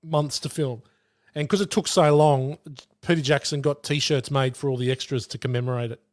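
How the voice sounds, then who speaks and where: A man's voice: mid-range voice, steady tone, normal speed, no echo, clean studio sound. A man co-hosting a film podcast, blunt and casually swearing while sharing movie trivia. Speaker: podcast co-host.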